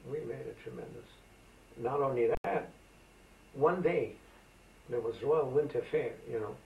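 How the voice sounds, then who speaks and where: An unhurried, creaky man in his eighties from Macedonia speaks at medium pitch with a narrow voice, rambling through anecdotes packed with fillers. This oral history interview was taped from a distance in a roomy space, so the audio sounds tinny with slight background noise. He's reminiscing in a conversational, storytelling way.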